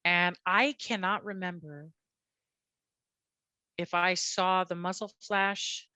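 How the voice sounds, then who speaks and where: A woman police officer telling her story as a guest, animated and blunt, often repeating her words. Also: on the low side, slow, clean tone, no room sound. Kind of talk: candid personal storytelling.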